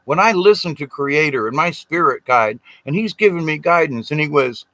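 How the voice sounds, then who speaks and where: A middle-aged man tells a long personal story in a rambling, earnest way. His voice sits a little high and sounds bright and forward. The recording is dry and close. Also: animated, moderate pace, hardly any pauses, dry recording, rough recording. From Southern United States. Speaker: spiritual storyteller. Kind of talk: casual storytelling.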